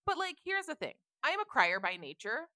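A woman with a bright, lively voice whose pitch leaps around as she talks candidly and emphatically. She speaks as a podcast co-host in casual conversation. The recording is dry and close. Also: fairly quick, dry recording. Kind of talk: casual chat.

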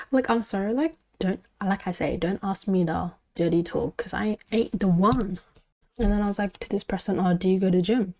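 A woman's voice: mid-range voice, moderate pace, a little hiss or hum. A young woman telling a story in a casual podcast, chatty, with lots of "like" and asides that drop to a whisper. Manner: chatty, heavy use of "like", drops into whispers. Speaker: podcast host.

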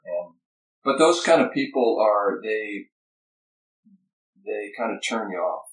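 Earnest low-voiced pastor, echoey and distant. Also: male voice, lively intonation. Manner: earnest, halting, many restarts. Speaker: pastor and podcast guest. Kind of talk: reflective conversation. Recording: echoey room, distant from the mic.

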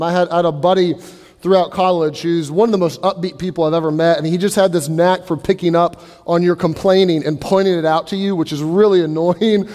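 A man with a notably high voice delivers a sermon in a church sanctuary, his words trailing into a long reverb. He preaches in a relaxed, conversational way, often slipping into playful impressions of people complaining. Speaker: pastor.

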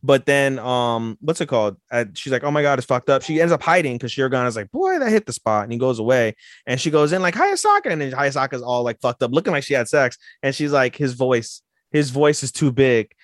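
A man with a middle-pitched voice chats about an anime episode with excitable, swear-heavy energy. He jumps into squeaky character voices now and then. The recording is dry and close. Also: dry recording. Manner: excitable, swears a lot, acts out characters in quick high voices. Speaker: podcast co-host. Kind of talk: casual anime recap chat.

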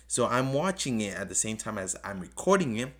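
Rambling podcast host, lower voice. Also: male voice, big pitch swings, fairly quick, a bit bright. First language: not English. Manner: rambling, talks off the cuff; earnest, pleading, repeats himself. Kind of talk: casual solo podcast review.

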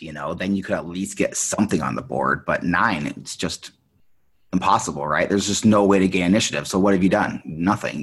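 Deep husky guy hosting a card game podcast, brisk, a bit teasing. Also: a bit bright. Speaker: podcast host. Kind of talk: casual chat about a card game.

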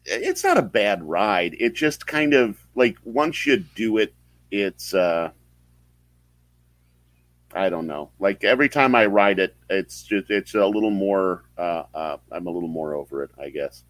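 Deep-voiced man, halting podcast host. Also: animated, fairly bright tone, no room sound, poor audio. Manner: halting, many fillers and restarts. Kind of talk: casual live-stream chat.

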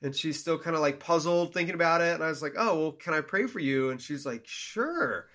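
A man's voice: a little high, fast talker. A young man co-hosting a casual faith podcast, telling a story and acting out the voices of the people in it. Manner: animated storyteller, acts out quoted dialogue. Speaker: podcast co-host.

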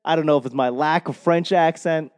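A man's voice: a little high, fairly quick, big-room sound. A man with a Boston accent rambling casually into a microphone, self-deprecating and swearing freely.

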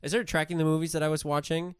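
A man co-hosting a casual podcast, cracking wry deadpan jokes. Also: fairly high pitch, rapid-fire, clear, resonant tone, no room sound, clean studio sound. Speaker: podcast co-host. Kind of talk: casual chat.

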